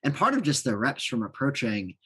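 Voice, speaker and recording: Male guest, 30s, husky mid voice, laid-back rambling delivery. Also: medium pitch, a little fast. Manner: relaxed and rambling, many fillers. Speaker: coaching client and guest. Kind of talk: casual podcast interview.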